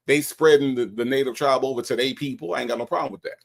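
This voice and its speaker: A man's voice: medium pitch, creaky. Guy streaming, calling someone out, repeats himself, takes his time. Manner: confrontational, drawn-out, repetitive. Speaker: livestream host. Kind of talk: commentary on call recordings.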